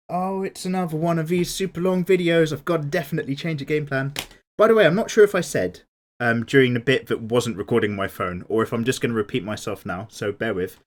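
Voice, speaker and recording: A man's voice: mid-range voice, animated, fast talker. A man, chatting casually while drawing and answering viewer comments in a laid-back, playfully indignant way. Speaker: art YouTuber.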